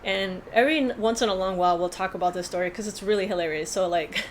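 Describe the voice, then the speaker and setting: A woman's voice: medium pitch, fast talker, a little hiss or hum. A woman vlogger telling a personal story in a casual, earnest, rambling way with many fillers.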